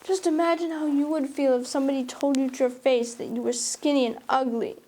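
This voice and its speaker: A woman's voice: a little high, fairly even intonation, moderate pace, warm tone, slight background noise, lightly acted. A woman reading a novel aloud, voicing a stubborn, tearful, dramatic red-haired girl in an impassioned, defiant way. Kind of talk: audiobook reading.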